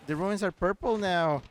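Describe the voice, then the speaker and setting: A man streaming a video game, chatting excitedly, repeating words and reading the chat aloud. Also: sits high, a little hiss or hum. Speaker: gaming streamer. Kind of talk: excitable live gameplay chat.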